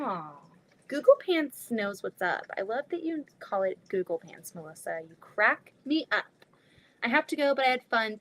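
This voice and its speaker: A young adult woman hosting a casual live sewing stream, chatting freely, reading viewer comments aloud and laughing easily. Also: high-pitched.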